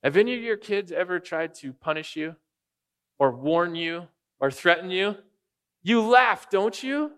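A man's voice: high-pitched, expressive, measured pace, a bit bright, clean tone. A man preaching a sermon as pastor, a father of young kids, speaking casually and jokingly and often putting questions to the congregation. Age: adult father of young children.

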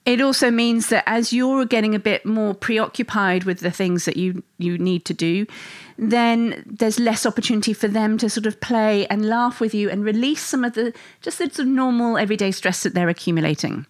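A woman talking softly and reassuringly to listeners about family life, at a middle pitch. The sound is dry and close, with no room around it. She speaks as an understanding mother in an unhurried, conversational flow. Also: no echo. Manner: gentle and reassuring, acts out stressed inner thoughts. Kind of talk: reflective talk to listeners.

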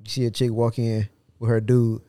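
A man's voice: medium pitch, normal speed, no room sound, clean studio sound. A man co-hosting a podcast, chatting casually and acting out quotes in a raised voice. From United States. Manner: animated storyteller, acts out quotes in a raised voice. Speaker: podcast co-host. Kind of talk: casual chat.

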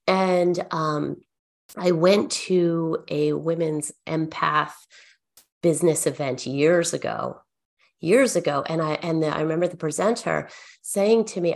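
A woman's voice: on the low side, gravelly. A middle-aged woman, an accountant, sharing earnest stories in a podcast interview and acting out what she and her clients said. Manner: earnest, animated storytelling with quoted dialogue. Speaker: accountant and guest.

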